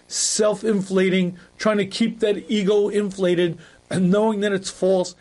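A rabbi delivers a class, his voice sitting high for a man. He lectures vividly, slipping into small acted scenes, and keeps clearing his throat between phrases. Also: darkish tone. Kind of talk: recorded Torah class.

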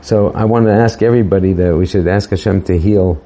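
Low, mellow-voiced man sharing a Torah thought. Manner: hesitant, many fillers and restarts, quoting Hebrew verses slowly. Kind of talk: casual informal Torah talk.

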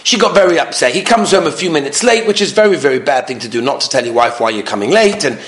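A rabbi lectures in a high, very lively voice that swoops up and down as he tells stories and repeats his key points for emphasis. His voice rings around a roomy space. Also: fast. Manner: animated, emphatic repetition, acts out quotes. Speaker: rabbi giving a talk on marriage. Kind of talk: lecture with anecdotes. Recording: roomy echo.

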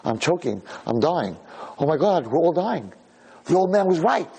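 A man's voice: fairly high pitch, sing-song, normal speed, creaky, mellow, slightly rough, pitched above the performer's own voice, heavily acted. A man voicing a male tuna fish panicking and gasping in a net. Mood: panicked. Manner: frantic, breathless complaining.

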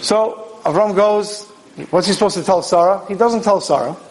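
A man's voice: sits high, moderate pace, loud music behind the voice, poor audio. A man, a rabbi, giving a Torah sermon in a storytelling manner, asking questions and acting out dialogue.

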